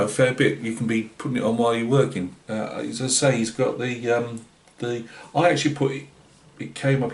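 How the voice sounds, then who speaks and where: A British man with a Northeast English accent, hosting a scale-modelling channel in casual, rambling vlog chat full of fillers and restarts. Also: mid-range voice. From Britain. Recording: roomy echoey room.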